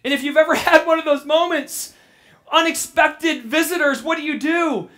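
A woman pastor preaching a sermon, animated and quick to repeat herself, then dropping into a soft, reflective tone. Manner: animated, repeats words when excited; drops to a soft, low reflective tone.

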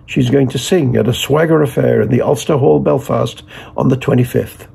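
A man voicing a mild, courteous middle-aged gentleman who replies slowly and evenly. His tone is very husky, dark and gravelly, read like a quiet audiobook scene. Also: medium pitch, full character voice.

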